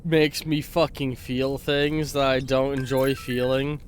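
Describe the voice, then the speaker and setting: A man's voice: medium pitch, level tone, slow pace, slight background noise. A man casually commenting on his gameplay as a let's play streamer, chatty and swearing, reading game text aloud. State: clearing throat with heartburn.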